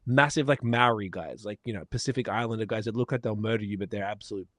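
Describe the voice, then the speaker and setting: A man's voice: fairly low pitch, fast, fairly bright tone, dry recording. A man from Australia co-hosting a podcast, chatting casually over beers and telling stories with laughter and swearing. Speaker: podcast co-host.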